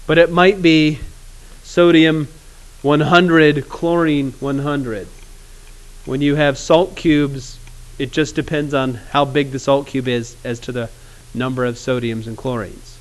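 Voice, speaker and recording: A man teaching chemistry in a classroom, casual and joking, with awkward pauses. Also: mid-range voice, little pitch movement. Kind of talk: classroom lecture.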